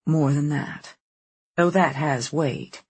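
An audiobook reader voicing a placid, caring mother, calm and gently firm. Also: medium pitch, slow, breathy edge. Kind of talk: audiobook character voice.

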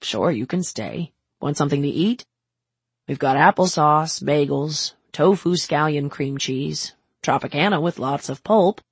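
A brash older man fusses over someone in a brisk, bossy, affectionate way. A woman reads him for an audiobook in a low, husky, gravelly voice with dry close sound. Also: expressive, no room sound, exaggerated voice. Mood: coaxing.

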